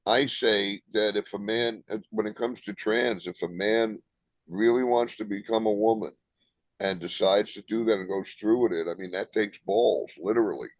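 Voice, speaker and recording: Low-voiced joking New Jersey comedian. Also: male voice, moderate pace, no echo. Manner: joking, tells anecdotes with punchlines. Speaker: guest comedian. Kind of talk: casual interview storytelling.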